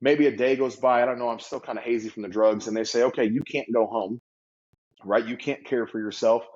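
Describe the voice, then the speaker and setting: Man, interview guest, lively storyteller, mid-pitched, slightly dull audio. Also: fairly quick. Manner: animated, vivid storyteller acting out quotes. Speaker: guest entrepreneur.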